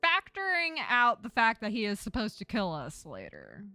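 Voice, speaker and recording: A woman's voice: mid-range voice, wildly swooping pitch, moderate pace, sharp tone, no room sound, soft background music. A woman game streamer lisping from a sore tongue, chatting casually and teasingly with viewers and reading game text aloud.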